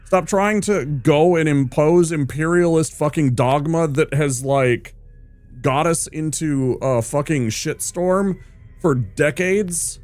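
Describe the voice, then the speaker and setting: A man's voice: a little high, takes it slowly, a little mellow, dry recording, soft background music. A male streamer ranting hard with heavy swearing while he plays a game. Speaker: gaming streamer.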